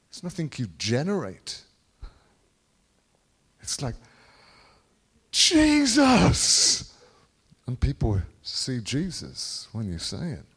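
Animated British man preaching with sudden outbursts. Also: breathy edge. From Britain. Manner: animated, swings from low musing to sudden shouts; rambling, repeats phrases for emphasis. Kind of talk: charismatic sermon.

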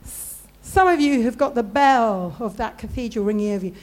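A woman preaching a sermon, telling stories with animated voices for the people in them. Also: on the high side, normal speed. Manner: storytelling, animated, acts out voices in anecdotes.

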